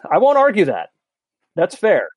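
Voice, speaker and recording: A man's voice: sits high, wildly swooping pitch, normal speed, no echo. A man in his thirties co-hosting a podcast, talking candidly and rambling a little as he chats. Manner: candid, rambling, self-deprecating. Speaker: podcast co-host. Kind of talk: casual chat.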